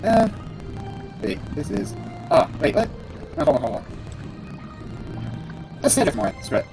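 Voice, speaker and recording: A man's voice: fairly high pitch, huge pitch swings, moderate pace, over music. A man giving casual gameplay commentary, muttering to himself and bursting into cursing rants. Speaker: gamer playing a role-playing game.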